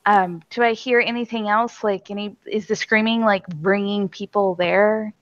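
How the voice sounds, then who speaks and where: A woman's voice: medium pitch, steady tone, normal speed, no echo, dull audio. A woman playing a tabletop game in character, chatty and asking lots of questions. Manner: chatty, asks many questions. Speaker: player.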